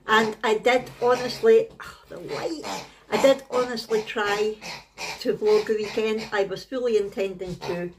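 A woman's voice: medium pitch, noisy background. A middle-aged Scottish woman, a family vlogger, telling a story to camera in a chatty, rambling way. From Scotland. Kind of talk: casual talking-to-camera vlog.

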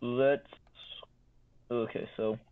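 A man's voice: mid-range voice, fairly even intonation, very slow, clean tone. A man co-hosting a podcast in goofy, rambling casual chat, restarting his sentences. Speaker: podcast co-host. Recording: tinny phone-like sound.

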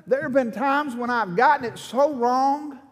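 Fervent high-voiced male preacher in a hall. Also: unhurried. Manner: impassioned, rising to fervent pleading in prayer. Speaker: pastor. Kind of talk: sermon. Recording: long hall reverb.

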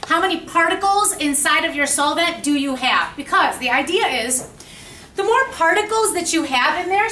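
A woman teaching high school chemistry in a classroom lecture. She asks the class questions and repeats their answers back to them. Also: pushed and bright, a little hiss or hum. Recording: echoey classroom, mic at a distance.

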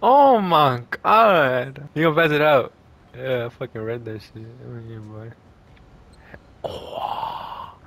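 A young man on a headset, chatting casually while gaming, excitable and swearing, breaking into shouts. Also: medium pitch, moderate pace, creaky, a little hiss or hum. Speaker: gamer.

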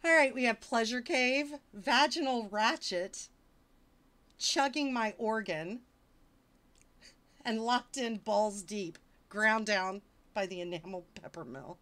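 A woman's voice: fairly high pitch, slow pace, a bit bright. Woman streamer, casual livestream reading, wisecracking and mock-exasperated between passages. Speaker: streamer reading fiction aloud.

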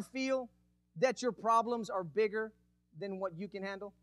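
A man preaching a lively sermon as pastor, calling out to the congregation and acting out a demonstration. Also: high voice, measured pace, no echo, studio quality. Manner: energetic, calls out to congregation. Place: church.

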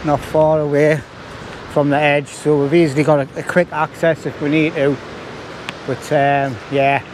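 A man's voice: a little high, level tone, measured pace. A jokey, chatty man vlogging from windy woodland. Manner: jokey, chatty, laughs a lot. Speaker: bushcraft vlogger. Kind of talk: casual chat to camera. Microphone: camera mic. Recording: wind noise.

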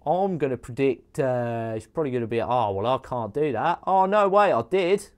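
An English man hosting a gameplay livestream, chatty and excitable, joking with his chat. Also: medium pitch, moderate pace, a little hiss or hum. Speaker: livestream host.

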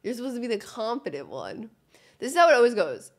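Young woman fan chattering through a hockey game, voice jumps all over, kinda high. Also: fast talker. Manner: excitable, chatty, cheers loudly at goals. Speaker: sports fan streamer. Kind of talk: live reaction commentary.

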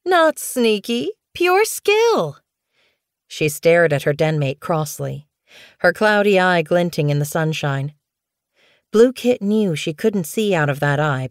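Woman w a low voice reading an audiobook story, even and clear, super dry sound. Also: no echo. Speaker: audiobook narrator. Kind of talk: scripted storybook narration.

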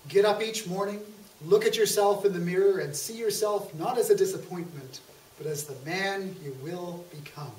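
A man's voice: high-pitched, normal speed, darkish tone, a little hiss or hum, close to an everyday voice. A man playing a blunt, preachy TV psychologist host who lectures in homespun sayings, in an amateur stage comedy skit. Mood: coaching. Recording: echoey hall from far off.

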